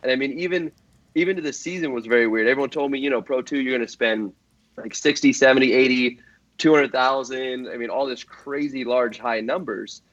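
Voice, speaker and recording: A man's voice: mid-range voice, brisk, a bit bright, no room sound, muffled recording. A man guesting on a podcast, talking earnestly and at length, with lots of fillers and restarts. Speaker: guest drift driver. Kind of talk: casual podcast chat.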